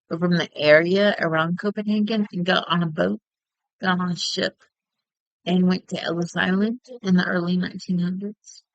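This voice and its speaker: A Texan woman streams herself playing a game, chatting casually and at length, rambling and laughing often. Her voice sits on the low side, and the recording is dry with the highs cut off.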